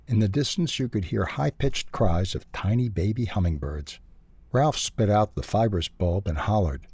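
Husky-voiced man reading a children's story. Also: fairly low pitch, normal speed, no echo. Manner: expressive, lively read-aloud.

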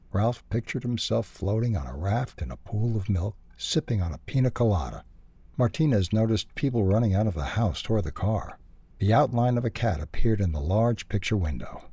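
A man reading a children's storybook aloud, expressive and lively. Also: lowish voice, normal speed, slightly rough, dry recording.

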